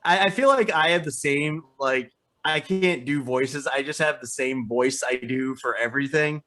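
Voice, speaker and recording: A man co-hosting a casual podcast, with a bright, forward voice. He often stammers and restarts his sentences. He laughs easily as he talks. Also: medium pitch, normal speed. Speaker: podcast co-host. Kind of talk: casual chat.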